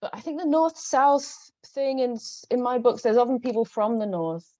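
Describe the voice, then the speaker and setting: Hesitant Northern English woman, dark voice. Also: fairly high pitch, lively intonation, moderate pace, dry recording. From Northern England. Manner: hesitant, many restarts and ums. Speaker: novelist guest. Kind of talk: conversational book talk. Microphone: video call. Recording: dull lo-fi video call audio.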